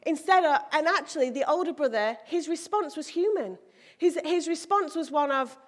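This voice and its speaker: A woman preaching a sermon, animated and acting out quoted voices. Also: normal speed. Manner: animated, acts out quoted voices with big pitch jumps.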